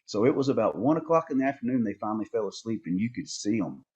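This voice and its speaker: A man, a podcast guest and hunting outfitter, telling stories in a lively, animated way and often repeating words. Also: fairly low pitch, quick pace, slightly rough, lo-fi sound. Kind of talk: casual storytelling conversation.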